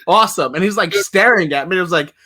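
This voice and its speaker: A man with a high, bright voice tells a story across a table of friends. He is animated and laughing, swearing freely, and keeps pushing the story forward. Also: fast talker. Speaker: podcast co-host. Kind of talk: casual storytelling banter.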